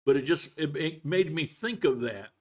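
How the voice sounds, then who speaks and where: A man's voice: a little high, animated, normal speed. A man hosting a casual livestream from home, chatting in a rambling way and sometimes talking while he eats. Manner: rambling, chatty, with frequent restarts; talks while eating. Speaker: livestream host. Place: home in Colombia.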